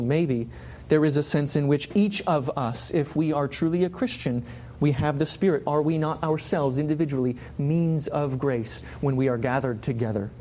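A man's voice: fairly high pitch, a little mellow. A man preaching a sermon, passionate and full of repeated rhetorical questions.

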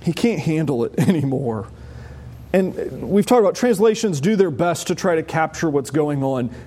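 A male pastor delivering a sermon with an animated, wry manner. His voice sits high and swings widely in pitch, and he laughs now and then as he explains. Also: moderate pace.

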